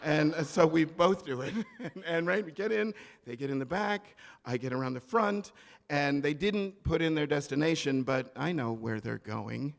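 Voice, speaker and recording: A man telling a story on stage at a live event, animated and comic, acting out the people in it. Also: a little high, normal speed, creaky, big-room sound. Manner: animated, comic, acts out quoted voices.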